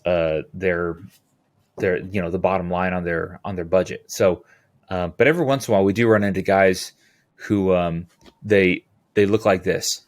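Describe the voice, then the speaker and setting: A man from California talking as a podcast guest, rambling and animated, with quick asides and restarts. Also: low-pitched. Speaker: podcast guest, utility locator. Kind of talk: casual interview talk.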